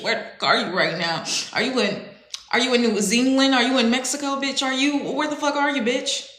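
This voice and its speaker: Young woman w/ a rambling on a livestream, cussing a lot, bright voice, echoey room. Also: medium pitch. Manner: rambling, profane, slangy, laughs often. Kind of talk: casual livestream chat.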